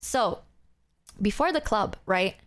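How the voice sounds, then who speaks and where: A woman's voice: medium pitch, lively intonation, slow pace. A woman from Southeast Asia telling a story to her stream chat in a casual, chatty way, full of "like" and acted-out quotes. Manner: chatty, fillers of "like", acts out quotes.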